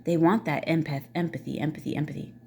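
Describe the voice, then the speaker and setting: A woman's voice: deep voice, steady tone, fast talker, vocal fry, warm tone, slight background noise. A middle-aged woman ranting casually to camera, blunt and swearing freely, with many fillers. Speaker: vlogger.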